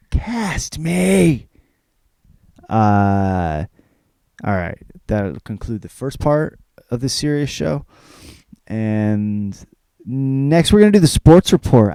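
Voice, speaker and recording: A man's voice: mid-range voice, mellow, no echo. A man hosting a comedic podcast, rambling and self-mocking with casual swearing. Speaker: podcast host.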